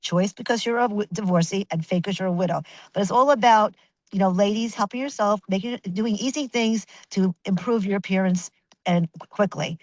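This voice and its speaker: A woman in her fifties telling her story as a guest in an interview, animated and chatty, restarting sentences and acting out what others said. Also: medium pitch, a little fast, no room sound, poor audio. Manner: animated, chatty, with many restarts and acted-out quotes.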